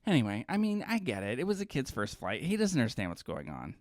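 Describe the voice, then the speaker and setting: A man on a podcast telling a story with lots of comic asides, worn out and short on sleep. His voice sits at an ordinary middle pitch, heard close and dry with no room around it. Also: quick pace, no echo. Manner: animated storyteller, jokey, acts out voices. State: exhausted. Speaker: podcast co-host. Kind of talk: casual chat.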